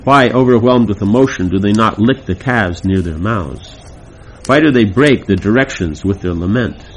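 A man's voice: on the low side, animated, normal speed, a little hiss or hum, lightly acted, poor audio. A man reading Radha, lovesick and lamenting. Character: lovesick young woman in a devotional drama. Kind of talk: reading a play aloud.

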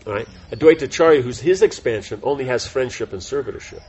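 A man's voice: medium pitch, lively intonation, quick pace, a little mellow, husky, muffled recording. A man teaching a devotional class in an informal, rambling way, full of fillers and self-corrections. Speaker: spiritual teacher giving a class.

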